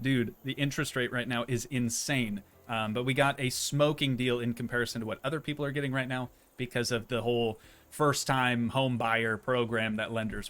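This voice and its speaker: A young man streams a game and offers casual commentary, rambling, chatty, and poking fun at himself. His voice is mid-range with a fairly bright tone.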